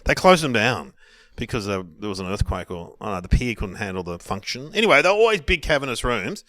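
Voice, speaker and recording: Bright-voiced Australian man telling stories. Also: on the low side, fast talker, dry recording. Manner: animated anecdotes with acted-out quotes. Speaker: comedian podcast guest. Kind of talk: casual chat, storytelling.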